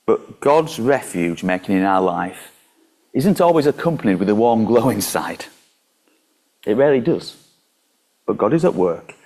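Male preacher, low voice, relaxed conversational sermon with scripture reading. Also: measured pace, long pauses. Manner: conversational, with small slips and restarts.

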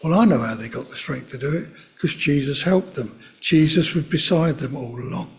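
Soft-spoken male preacher, slightly high voice. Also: lively intonation, normal speed. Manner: gentle, conversational preaching with asides. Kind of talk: sermon.

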